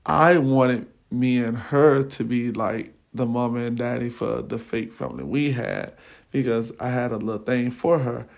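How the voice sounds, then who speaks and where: A man's voice: mid-range voice, creaky, darkish tone. A man hosting a podcast, casually telling a personal story in slangy talk with many fillers. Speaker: podcast host.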